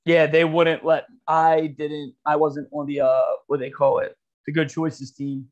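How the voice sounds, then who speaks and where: A man's voice: on the high side, little pitch movement, measured pace. A man co-hosting a podcast, telling a rambling, profane story in casual chat and laughing often. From Philadelphia area. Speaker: podcast co-host. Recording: dull lo-fi podcast audio.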